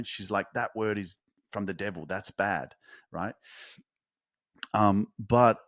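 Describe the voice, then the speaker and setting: A man hosting a motivational podcast, talking fervently and emphatically, swearing for emphasis and building to fast, intense peaks. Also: lowish voice, fairly bright tone, no echo, clean studio sound. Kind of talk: motivational monologue.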